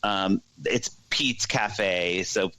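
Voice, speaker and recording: A man co-hosting a podcast, retelling a movie plot in a casual, animated way. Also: deep voice, very slow, clean tone, dry recording, low-quality recording. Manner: animated storytelling with put-on voices for characters. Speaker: podcast co-host. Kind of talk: casual chat, plot recap.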